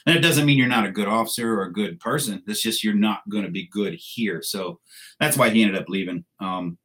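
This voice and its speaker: A man's voice: lowish voice, fairly quick, bright, forceful tone. A man, a military veteran, telling a combat story in a blunt, casual, profane way with wry laughs.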